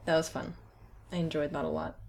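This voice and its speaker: A woman with a deep voice and big pitch swings chats casually in an interview about making a film. The filmmaker is giggly and talkative, laughing often and easily as she speaks.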